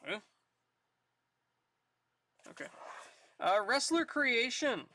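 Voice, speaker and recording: A live streamer chatting casually to viewers, thinking out loud and laughing often, a little out of breath. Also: mid-range voice, sing-song, drawn-out words, a little hiss or hum.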